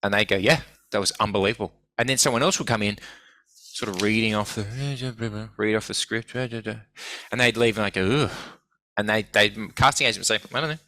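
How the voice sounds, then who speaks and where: With a fairly low voice and a slightly fast pace, a male guest tells casual stories laced with swearing. He brings them to life by acting out the quoted voices. The recording has no echo.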